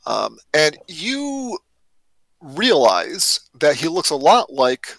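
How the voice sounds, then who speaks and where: A man's voice: a little high, huge pitch swings, slow, gravelly, a bit bright, dry recording, poor audio. A man narrating as game master in a tabletop role-playing game, often hesitant and restarting his sentences. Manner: hesitant, many fillers and restarts.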